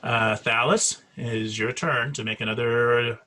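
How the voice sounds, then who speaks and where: A man running a tabletop game as dungeon master, easygoing and halting, laughing often. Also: medium pitch, fairly even intonation, pushed and bright.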